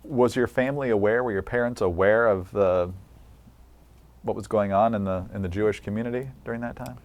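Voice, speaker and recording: A man's voice: on the low side, brisk, lo-fi sound. A man conducting an oral history interview, prompting with questions and summing up the answers.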